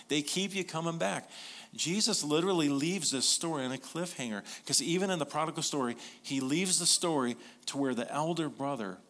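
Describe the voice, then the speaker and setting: A man's voice: fairly high pitch, moderate pace, a bit bright. A man preaching a sermon as pastor, in an earnest, conversational way with repeated phrases and direct questions to the congregation.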